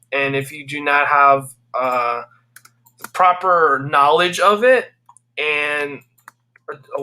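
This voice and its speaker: A young man, a game developer guest, chats casually and eagerly, talking at length and responding with easy agreement. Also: on the high side. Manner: eager and talkative, warm agreement. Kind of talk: casual chat.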